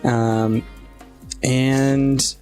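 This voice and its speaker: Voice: mid-range voice, level tone, extremely slow, darkish tone. Tabletop game master, casual narration, lots of "um"s, faint music behind. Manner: casual, many "um"s between details.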